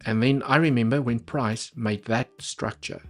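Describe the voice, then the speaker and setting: A man's voice: mid-range voice, fairly even intonation, normal speed, faint music behind. A man talking casually through trading charts on a live stream, chatty and repeating points for emphasis.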